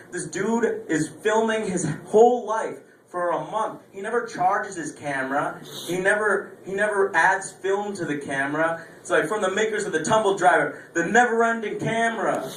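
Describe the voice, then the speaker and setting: A young man performing a stand-up comedy set, telling a story with lively acted-out voices. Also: high-pitched, moderate pace, few pauses. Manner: animated storytelling, acting out quoted voices. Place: small club stage. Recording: echoey room, distant mic, faint room noise.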